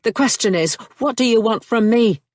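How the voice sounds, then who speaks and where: A woman's voice: deep voice, slow pace, no room sound, studio quality. A woman voicing a curt, suspicious young nobleman with a clipped, growling manner. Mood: angry.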